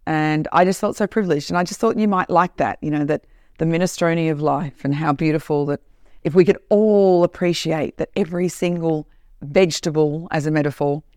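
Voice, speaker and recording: A woman who is a corporate trainer and podcast host, telling a story in an animated, emphatic way in a casual monologue. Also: deep voice, fairly quick, no echo, clean studio sound.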